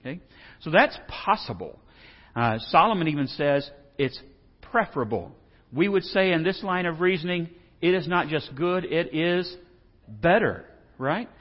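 A man's voice: a little high, lively intonation, unhurried. A man from Texas, teaching a Bible lesson in a folksy, joking way and asking the audience questions. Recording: dull reverberant hall sound.

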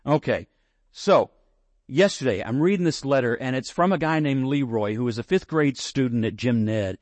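A man preaching a sermon, earnest and close to tears, slowing down to stress his points. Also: medium pitch, expressive, darkish tone, no echo. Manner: earnest, emotional, slows down for emphasis. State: near tears. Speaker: pastor.

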